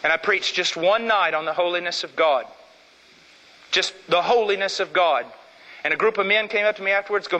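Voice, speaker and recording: High bright-voiced guy preaching hard, repeats himself, long hall echo. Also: fairly quick, muffled recording. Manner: fervent, repeats phrases for emphasis, swings from loud to low. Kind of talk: sermon.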